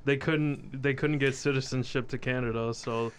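A man's voice: mid-range voice, steady tone, normal speed. A young man in casual chat, teasing friends, repeating himself and swearing casually. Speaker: podcast co-host. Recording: faint background noise.

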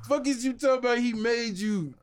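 A man's voice: very high-pitched, fairly quick, a crowd in the background. A man in casual chat, telling a story emphatically and swearing freely.

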